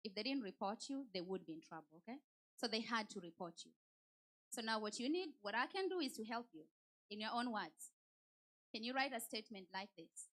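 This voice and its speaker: A woman giving a motivational talk at a church, telling personal stories in a direct and animated way. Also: a little high, fairly quick. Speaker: women's day speaker.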